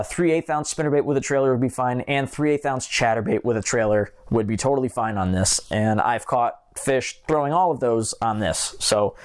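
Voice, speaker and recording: A man's voice: mid-range voice, clean tone. Chatty man reviewing fishing rods. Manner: chatty and joking, talks with his hands, goes off on tangents. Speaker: fishing channel host. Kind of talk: casual gear review to camera.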